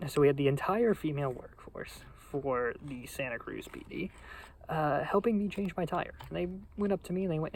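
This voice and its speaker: A man's voice: fairly high pitch, normal speed, a little hiss or hum, low-quality recording. Young man telling a rambling funny story. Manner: rambling, deadpan, profane. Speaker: vlogger. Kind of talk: casual comedic storytelling.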